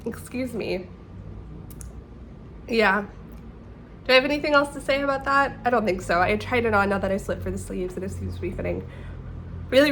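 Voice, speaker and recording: A woman's voice: mid-range voice, fairly bright tone, a little hiss or hum. Chatty self-deprecating young woman knitter. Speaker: knitting podcast host. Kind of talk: casual chat.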